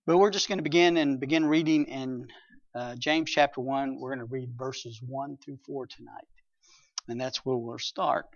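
A hoarse man with a raspy voice, leading an evening Bible study, reading scripture and praying with the group. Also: medium pitch, fairly even intonation, moderate pace, dry recording, lo-fi sound. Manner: plain teaching with fillers and prayer.

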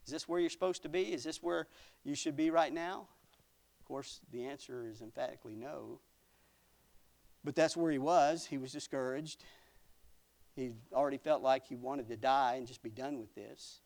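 A man with a mid-range voice and vocal fry preaches a sermon at a moderate pace, reading old scripture aloud and adding folksy asides with small laughs. He swings dramatically from loud passages down to a near whisper.

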